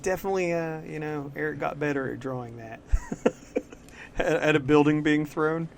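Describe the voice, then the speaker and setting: A man co-hosting a podcast, chatting casually about comics in a loose, profane way, full of "like" fillers and quick laughs. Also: a little high, creaky, a little hiss or hum. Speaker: podcast co-host. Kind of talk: casual comic-book chat.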